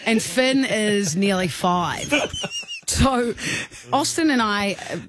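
A woman's voice: mid-range voice, slow pace, background noise. A woman with an Australian accent co-hosting a drive-time radio show, telling a funny story and acting out voices. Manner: animated anecdote, acting out kids' voices with laughs. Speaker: radio co-host.

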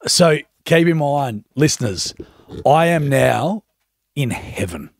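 A man's voice: medium pitch, lively intonation, slow, creaky, no room sound, clean studio sound. A man, co-hosting a casual radio show and teasing his co-host with frequent laughter. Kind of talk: casual breakfast radio banter.

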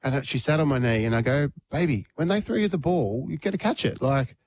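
A man's voice: medium pitch, brisk, darkish tone. A man, hosting morning radio and telling a funny family story while acting out the voices. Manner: acts out the voices in his stories. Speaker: radio host.

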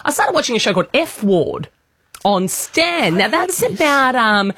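A woman's voice: a little high, sing-song, a little slow, fairly bright tone, husky, no echo. A woman co-hosting breakfast radio, chatty and teasing as she banters into a studio microphone. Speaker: radio co-host.

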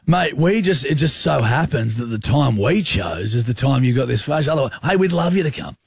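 A man's voice: mid-range voice, very animated, brisk, creaky, breathy edge, no room sound, studio quality. A young man with an Australian accent, hosting a radio show with teasing, joking banter. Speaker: radio host. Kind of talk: casual on-air banter.

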